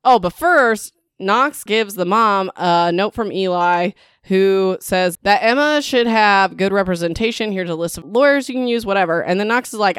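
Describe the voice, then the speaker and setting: A woman's voice: mid-range voice, lively intonation, normal speed, a bit bright, clean tone, no echo, studio quality. A woman giving a casual chapter-by-chapter book recap, sarcastic and chatty, full of "like" and "whatever," with teasing dramatic asides to her viewers. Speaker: book reviewer.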